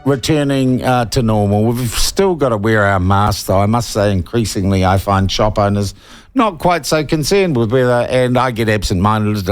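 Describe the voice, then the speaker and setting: Chatty New Zealand radio host, man. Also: lowish voice. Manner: chatty, wanders into joking asides. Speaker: radio talk show host. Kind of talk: conversational radio interview.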